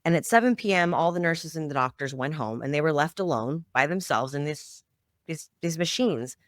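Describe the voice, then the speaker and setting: This guest's deep voice is animated and paced normally as she recounts a family story with real feeling on a podcast. She is a middle-aged founder of a children's music project, recorded dry and at studio quality in a storytelling interview.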